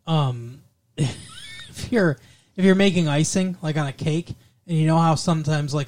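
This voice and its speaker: A man's voice: a little high, darkish tone. A man co-hosting a podcast, chatting casually, joking and rambling with frequent laughs. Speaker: podcast co-host. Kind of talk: casual chat.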